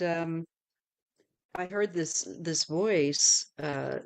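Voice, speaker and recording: A middle-aged woman talks casually through a live tarot stream. She rambles from one thought to the next, and her voice often drops off softly at the ends of phrases. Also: deep voice, creaky. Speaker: tarot reader hosting a livestream. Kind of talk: casual livestream chat.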